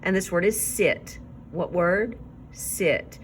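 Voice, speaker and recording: A woman teacher giving a recorded reading lesson to young children, sounding out words slowly and clearly. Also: fairly low pitch, expressive, fairly bright tone, a little hiss or hum.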